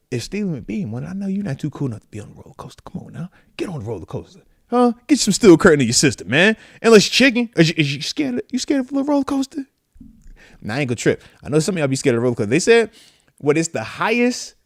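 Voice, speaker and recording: This American podcast host, a retired football player in his thirties, talks fast in a voice on the high side during a casual live stream. Reading comments in animated slang, he shouts out viewers and bursts into screams acting out riders; the studio sound is clean with no room noise.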